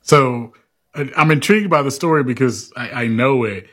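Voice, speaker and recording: A man hosts an interview in a relaxed, conversational way. He speaks casually and encouragingly, using friendly words to draw out his guest's story, and gives short prompts and reactions in between. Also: medium pitch, normal speed, slightly rough. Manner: casual, encouraging, calls the guest "dude" and "brother". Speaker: interview host.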